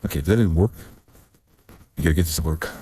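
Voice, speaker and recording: A man's voice: a bass voice, quick pace, warm tone, slightly rough. A streamer testing his audio setup, rambling and muttering to himself and swearing under his breath. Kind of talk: casual self-talk while troubleshooting audio. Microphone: desk mic with noise gate.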